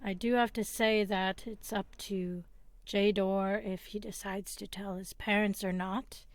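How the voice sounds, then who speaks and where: A woman voicing a friendly, calm young man in love in a tabletop game, speaking in a mild, measured way. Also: medium pitch, dry recording, voice pushed down, lightly acted.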